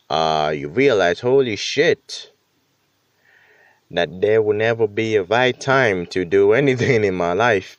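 Male podcast host, low unhurried voice, rambling and self-mocking, lots of ums, dry close sound. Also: no echo. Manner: rambling and self-deprecating, many fillers and restarts; casual swearing. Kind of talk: casual solo podcast monologue.

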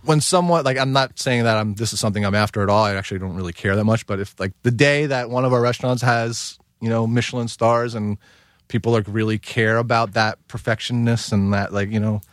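A man's voice: fairly low pitch, fairly quick, no room sound, studio quality. A man, a guest chef, talking in a casual podcast conversation, rambling with many fillers.

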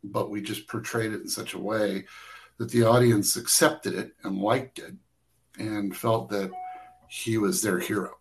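Male interview guest, camera operator, low-pitched, rambling anecdotal delivery with frequent restarts. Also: fairly even intonation, creaky, low-quality recording. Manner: rambling, halting with many restarts and fillers. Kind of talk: casual storytelling interview.

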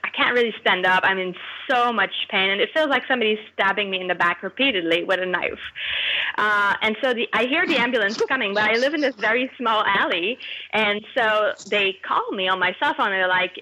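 Bright-voiced canadian woman telling a story on a podcast, animated, laughs a lot as she goes. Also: medium pitch, a little fast, low-quality recording. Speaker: podcast guest. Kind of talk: casual storytelling.

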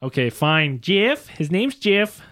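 A man's voice: high-pitched, very animated, slow, a bit bright, dry recording. A Canadian man co-hosting a podcast in a studio, chatting casually, joking and reading viewer messages aloud. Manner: joking, playful, reads chat messages aloud. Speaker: podcast co-host. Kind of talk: casual chat. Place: home recording studio. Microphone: studio mic.

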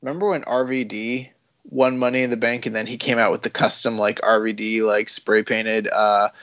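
A man's voice: fairly low pitch, little pitch movement, moderate pace, fairly bright tone, smooth, dry recording, muffled recording. A man co-hosting a casual wrestling podcast, talking in rambling runs full of fillers and restarts. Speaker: podcast co-host.

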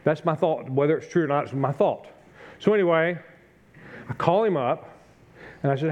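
A man's voice: on the high side, animated, normal speed, long pauses, a little mellow. A middle-aged male pastor preaching a conversational sermon, telling a self-deprecating story and acting out his own frustration.

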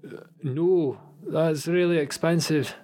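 A man's voice: fairly high pitch, takes it slowly, mellow, soft background music, pitched above the performer's own voice. A man voicing a friendly, sympathetic older Scottish villager in a tabletop game.

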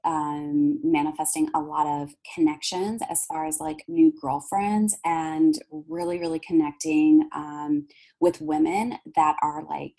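A woman, a podcast guest telling stories in animated chat and acting out other people's lines. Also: low-pitched, a little slow, gravelly, rough recording. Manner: animated, acts out others' voices, fillers and restarts. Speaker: podcast guest, manifesting coach. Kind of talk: casual storytelling chat.

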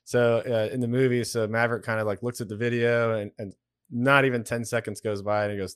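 A man's voice: medium pitch, steady tone, a little fast, clear, resonant tone, dry recording, studio quality. A man in his forties, a retired military aviator, talking as a guest on a podcast in a wry, blunt, explanatory way. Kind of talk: casual podcast conversation.

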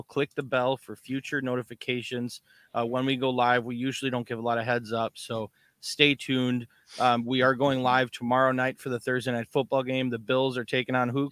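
A man from Chicago co-hosts a casual sports podcast, wandering through his points with plenty of ums and restarts. His voice sits at an ordinary middle pitch. The recording is close and dry, with no room sound. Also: a bit bright, clean tone, no room sound. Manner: rambling, restarts with many fillers. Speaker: podcast co-host. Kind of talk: casual chat.

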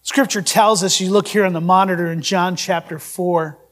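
High-voiced man preaching a sermon. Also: steady tone, normal speed, fairly bright tone. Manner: preaching, reading scripture aloud, asking the congregation questions. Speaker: pastor.

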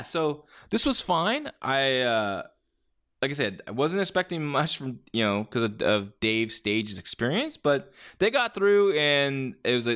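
A man's voice: medium pitch, fairly bright tone. A man hosting a podcast, chatting casually and with strong opinions as he reviews matches, often restarting his sentences. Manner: rambling, many restarts and fillers, opinionated. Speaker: podcast host reviewing wrestling. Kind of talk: casual chat.

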